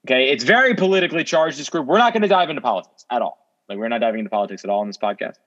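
Lively young man on a dull line. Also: medium pitch, rapid-fire. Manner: earnest, bewildered, with frequent restarts. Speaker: podcast co-host. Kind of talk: casual podcast chat. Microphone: remote call. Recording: dull remote audio line.

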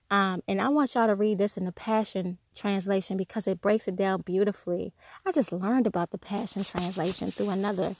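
A woman's voice: medium pitch, darkish tone, dry recording, studio quality. A woman giving a conversational devotional talk, telling personal stories candidly and acting out the voices of people she quotes. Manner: acts out quoted speech. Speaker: Christian speaker.

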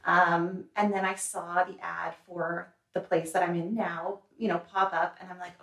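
A woman's voice: lowish voice, level tone, a little slow, gravelly, hardly any pauses, fairly bright tone. A young woman who owns a salon, answering interview questions in a chatty, earnest way with many fillers. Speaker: salon owner and hair remover. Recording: echoey room, mic a little distant.

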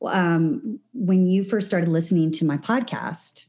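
A woman's voice: fairly low pitch, expressive, a little slow, dark tone. A woman hosting a podcast, talking casually with a friend in a chatty way with fillers and restarts, from Southern California. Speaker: podcast host.

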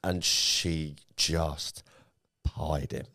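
Young bloke, very deep, animated storyteller, dry close mic. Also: male voice, very slow, no room sound. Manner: animated storytelling, swears often. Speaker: podcast co-host. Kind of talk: casual chat.

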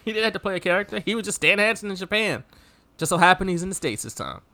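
A man co-hosting a podcast riffs sarcastically on a movie and laughs often in this casual review chat. His high voice swings widely in pitch and moves fast, sounding creaky, bright, and forceful.

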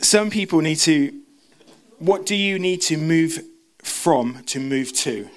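A man preaching a sermon, talking fast with frequent restarts and stumbles. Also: fairly high pitch, animated. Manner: fast, stumbling, self-interrupting.

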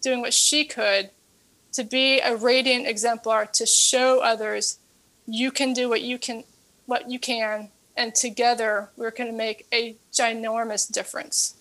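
Here the earnest fitness coach and book author is an interview guest sharing a story in an unhurried, level way. Her pitch sits a little high and her tone is a bit bright, and she frequently repeats herself as her point takes shape.

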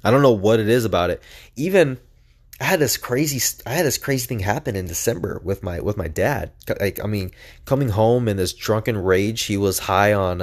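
Young man rambling through a personal story. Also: fairly low pitch. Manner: rambling, heavy use of "like", earnest.

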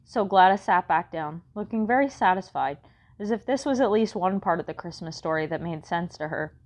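Wry low-voiced woman narrating a storybook. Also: lively intonation, fairly quick. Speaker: audiobook narrator. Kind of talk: first-person storybook narration.

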